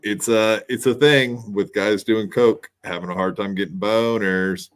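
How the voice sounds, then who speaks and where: A man's voice: fairly low pitch, steady tone, unhurried. A man hosting a podcast, chatting bluntly and profanely in casual commentary. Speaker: podcast host.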